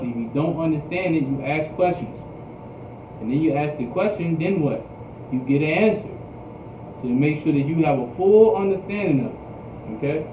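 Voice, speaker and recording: A man's voice: a little high, distant mic. A man teaching a scripture class as a preacher, repeating himself and checking in with the class as they answer back. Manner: repetitive, call-and-response, says "you understand?" often. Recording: echoey phone-like livestream audio with noise.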